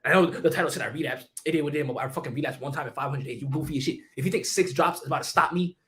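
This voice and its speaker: A young man streaming casually, talking fast in heavy slang while answering chat questions. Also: a little high, a bit bright.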